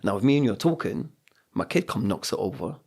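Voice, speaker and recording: Earnest gravelly-voiced man telling stories. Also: lowish voice, sing-song, fast. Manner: earnest, motivational, acts out quotes. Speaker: guest, coach and speaker. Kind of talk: reflective podcast storytelling.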